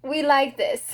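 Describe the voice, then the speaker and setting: A woman's voice: very high-pitched, fairly bright tone. A young woman book vlogger reacting aloud while reading, emotional and exclaiming, talking to the characters.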